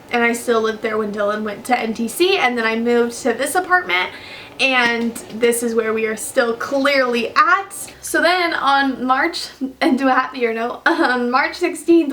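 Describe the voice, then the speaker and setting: A young woman tells her year's story to the camera in a loose, rambling way, with ums and little self-corrections. Her voice sits slightly high for a woman. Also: fairly bright tone, slight background noise. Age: young adult. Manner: chatty, rambling, many fillers and restarts. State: tearful at times. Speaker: vlogger.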